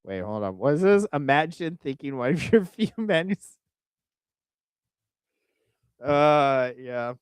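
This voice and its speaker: Young guy from oklahoma ranting at a video, all over the place pitch-wise, crude and fed up. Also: takes it slowly, long pauses, clean tone, dry recording. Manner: animated, crude and exasperated, with frequent restarts. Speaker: streamer reacting to a video. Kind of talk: casual reaction commentary.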